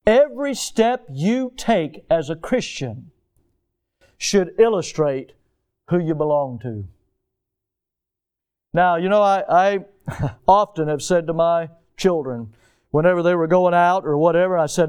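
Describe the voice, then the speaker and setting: Southern man preaching, high clear voice, earnest with folksy asides, drops to a hush on key lines. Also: lively intonation, a little slow. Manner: earnest preaching, swinging between emphatic peaks and hushed low passages; folksy storytelling with chuckles. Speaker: pastor. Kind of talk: sermon.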